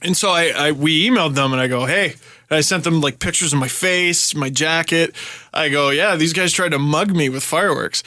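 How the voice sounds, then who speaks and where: Canadian guy telling a wild story on a podcast, swears a lot, bright kinda high voice. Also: brisk, no echo, studio quality. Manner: animated, swearing, shouts quoted lines. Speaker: podcast host. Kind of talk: casual storytelling chat.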